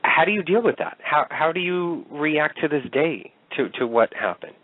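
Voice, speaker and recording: A man's voice: fairly high pitch, animated, moderate pace, no room sound. A man hosting a call-in radio show, reacting to a caller's story and stumbling over repeated words as he asks his questions. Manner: stammers slightly and repeats words when reacting. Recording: dry, tinny, phone-like sound.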